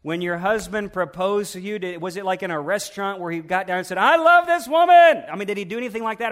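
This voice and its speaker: A male pastor with a high-pitched voice delivers a sermon to his congregation. He talks to them directly with questions. His delivery rises to loud emphatic peaks, then sinks to a hushed, intimate near-whisper.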